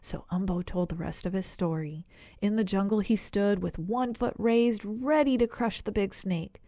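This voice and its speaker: Female audiobook narrator for a children's animal story; gentle, clear, dry close mic. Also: mid-range voice, normal speed, no echo.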